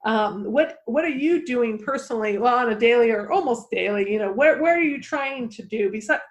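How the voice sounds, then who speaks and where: Give me a higher-pitched woman podcast host on a video call, reflective and halting, with an echoey room sound. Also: animated. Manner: reflective, halting, with fillers and restarts. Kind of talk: conversational podcast interview.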